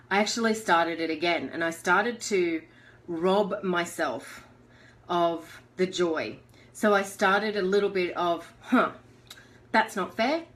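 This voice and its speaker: Animated Australian woman telling a story. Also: fairly low pitch. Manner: animated storyteller who laughs often; acts out her own inner voice in quotes. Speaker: host of a live motivational show. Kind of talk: casual motivational talk.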